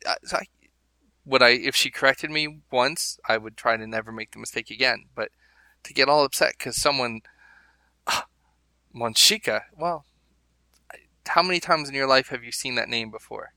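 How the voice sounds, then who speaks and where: Bright-voiced man chatting casually. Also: mid-range voice, moderate pace, long pauses, no echo. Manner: chatty, rambling, amused asides. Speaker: podcast co-host. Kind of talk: casual chat.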